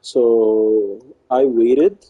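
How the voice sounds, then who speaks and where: A man's voice: medium pitch, fairly even intonation, very slow, lo-fi sound. A man streaming live who tells a long personal story in a rambling, slangy way, quoting what others said and repeating himself.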